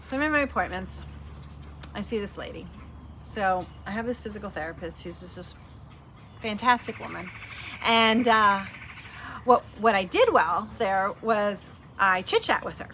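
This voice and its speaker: A woman's voice: medium pitch, expressive, normal speed, long pauses, sharp tone, slight background noise. Chatty middle-aged woman telling a story. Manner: chatty storytelling with fillers and acted-out quotes. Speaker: vlogger sharing weight loss tips. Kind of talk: casual heartfelt chat.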